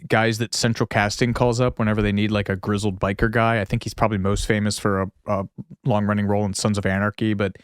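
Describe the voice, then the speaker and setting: A man's voice: fairly low pitch, level tone, fast, smooth, dry recording, studio quality. A man co-hosting a podcast in casual chat, rambling and riffing with lots of "like" and some swearing. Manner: laughs at his own jokes. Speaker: podcast co-host.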